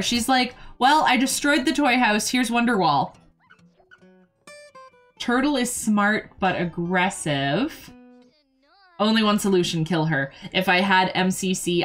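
Young woman, game streamer, excitable casual chatter, swears freely, talks to chat and on-screen characters, mid pitch. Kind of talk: casual gameplay commentary.

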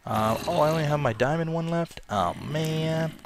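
A man casually commenting on his own gameplay, chatty and self-mocking, with loud excited outbursts. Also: on the high side, moderate pace, background noise. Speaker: let's play gamer.

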